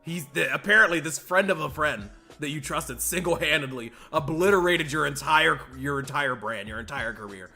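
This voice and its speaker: An adult streamer giving loud, disbelieving reaction commentary, laughing and swearing while watching a clip. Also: medium pitch, animated, moderate pace, creaky, hardly any pauses, soft background music.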